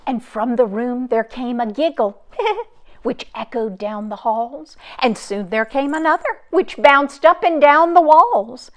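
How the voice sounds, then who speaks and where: A woman reading a rhyming storybook aloud in an expressive, sing-song way. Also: high-pitched, slow.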